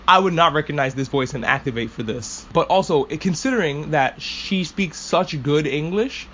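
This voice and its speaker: Profane, excitable fan podcaster, slightly raised pitch. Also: male voice, fairly quick, few pauses, highs cut off, slight background noise. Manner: rambling, profane, enthusiastic fan. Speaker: podcast host. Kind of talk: casual anime discussion.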